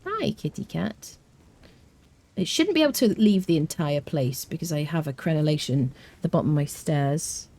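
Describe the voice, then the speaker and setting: A woman's voice: deep voice, lively intonation, fairly quick, hardly any pauses, dark tone, slight background noise. A British woman streaming a game live, chatting casually, rambling with fillers and answering her chat. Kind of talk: casual live gameplay commentary.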